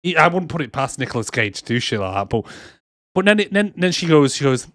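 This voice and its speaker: A man's voice: mid-range voice, expressive, quick pace, a bit bright, no echo, studio quality. A man co-hosting a casual movie podcast, swearing freely and acting out scenes in mocking voices. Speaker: podcast co-host.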